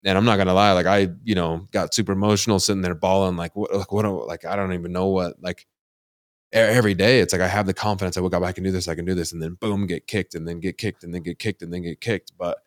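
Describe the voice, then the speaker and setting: A man with a low, steady voice hosts a podcast at a quick pace, recorded cleanly in a studio with no echo. The casual interview finds him candid and rambling, full of fillers like "like" and "you know."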